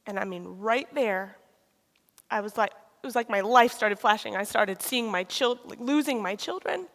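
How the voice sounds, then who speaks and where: Gravelly woman in a reverberant hall. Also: mid-range voice, fairly bright tone. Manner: candid and confessional, with frequent pauses and restarts. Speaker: speaker sharing a personal testimony. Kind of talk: emotional personal testimony. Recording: long reverb of a large hall.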